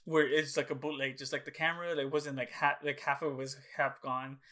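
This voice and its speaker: This young man co-hosts a casual podcast and spins a long, rambling story packed with fillers and swearing, acting out how he reacted back then. His mid-range voice is fairly quick and sharp-toned, with little pitch movement.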